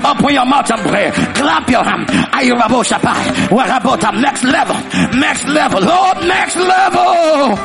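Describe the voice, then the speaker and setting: A man with a Nigerian accent preaching a sermon as pastor, who tells stories and leads the church in shouted prayer. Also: very high voice, expressive, a little slow, vocal fry, few pauses, over music. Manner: storytelling sermon building into shouted prayer and tongues.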